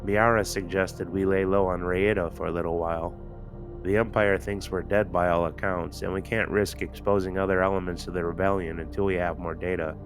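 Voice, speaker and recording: A man voicing a steady woman rebel ally who lays out plans in a matter-of-fact way. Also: deep voice, a little fast, over music.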